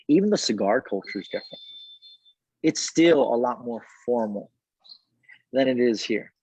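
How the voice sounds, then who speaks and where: A man talks from his car as an interview guest, animated and laughing often, often repeating his words. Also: medium pitch, no room sound. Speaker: cigar brand founder, guest. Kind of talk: casual interview chat. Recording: dull dry remote call audio.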